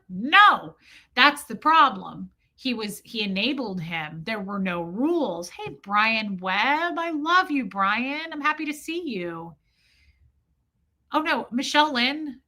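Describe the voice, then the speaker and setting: A woman's voice: medium pitch, bright, forceful tone. A woman hosting a live stream, talking candidly and emotionally, swearing freely and greeting viewers from the chat. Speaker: livestream host. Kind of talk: casual live-stream talk, reading chat.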